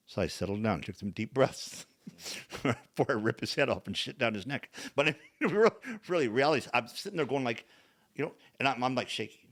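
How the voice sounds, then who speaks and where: An older man hosting a podcast, telling stories in a casual, blunt way and acting out the dialogue with lively switches of voice. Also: medium pitch, fairly quick, dry recording. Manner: animated, acts out quoted dialogue; blunt, frank wording. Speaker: podcast host. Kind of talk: casual storytelling chat.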